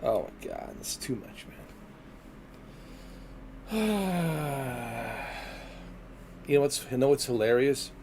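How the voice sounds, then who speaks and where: A man chatting casually on a gaming livestream, rambling and laid-back, often trailing off quietly. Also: mid-range voice, big pitch swings, slow, pauses often, background noise. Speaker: livestreaming gamer.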